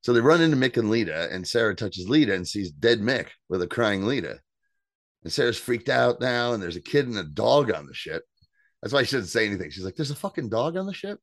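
A man co-hosting a podcast, casually recapping an episode with animated, swearing commentary and acted-out quotes. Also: fairly quick, no echo, studio quality. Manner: animated, acts out quotes with jumps in pitch, swears freely. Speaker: podcast co-host.

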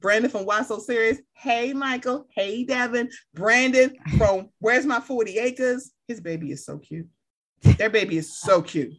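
A woman chatting casually on a podcast, animated and profane as she gives playful shout-outs. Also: fairly high pitch, measured pace. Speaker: podcast guest. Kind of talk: casual chat.

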